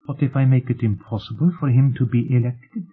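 A man's voice: mid-range voice, fairly quick, breathy edge, close to an everyday voice. A man reading a defiant young woman with a clipped, coldly challenging manner, in an audiobook. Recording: tinny phone-like sound.

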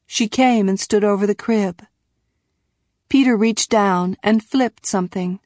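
Audiobook narrator, woman, unhurried pace, dry close studio sound. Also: mid-range voice, darkish tone, no room sound. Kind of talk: scripted narration.

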